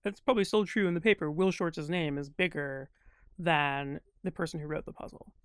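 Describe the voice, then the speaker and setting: As a guest crossword constructor in a casual interview, a man thinks aloud in long, winding sentences packed with fillers. His fairly high voice has a gravelly fry over a smooth, resonant base and moves at a normal speed. The recording is dry and close, with no echo.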